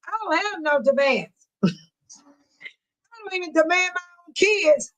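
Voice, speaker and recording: A woman's voice: very high-pitched, lively intonation, slow, pauses often, low-quality recording. A middle-aged woman hosting a casual livestream, chatting and teasing her viewers by name. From Dolton, Illinois area. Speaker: livestream host. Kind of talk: casual livestream chat reading viewer comments.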